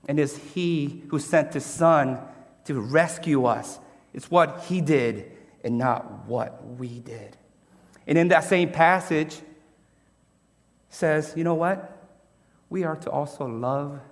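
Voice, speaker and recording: A man's voice: medium pitch, in a large hall. A man preaching a sermon as pastor, emphatic and conversational, asking his congregation rhetorical questions.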